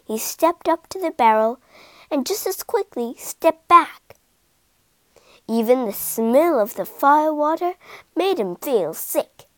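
A woman reading an animal story aloud for English learners, in a slow, clear and expressive way. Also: high-pitched, dry recording.

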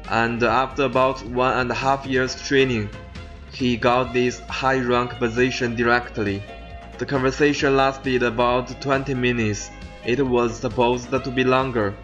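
A man who speaks Chinese natively, hosting an interview podcast in careful, halting English. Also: mid-range voice, fairly bright tone, highs cut off. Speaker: podcast host.

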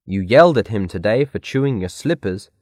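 A man's voice: on the low side, lively intonation, brisk, darkish tone, dry recording, studio quality. A man voicing D.W., a bossy, cheeky little girl, in a children's storybook reading. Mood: sharp.

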